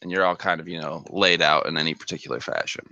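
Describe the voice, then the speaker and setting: A man's voice: low voice, fairly even intonation, fast, sharp tone, dry recording, dull audio. A man narrating as game master of a tabletop game, rambling with many fillers.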